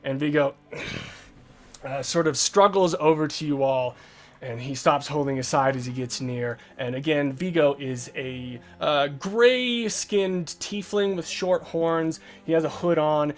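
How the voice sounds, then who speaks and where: Slow, halting man narrating a game. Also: on the high side. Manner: slow, halting, many fillers. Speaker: game master.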